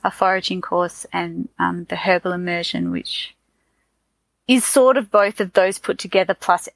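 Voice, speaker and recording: A woman's voice: lowish voice, animated, normal speed, vocal fry, no room sound, poor audio. A woman from Tasmania with an Australian accent, chatting casually as a podcast co-host, rambling with fillers and restarts. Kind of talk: casual chat.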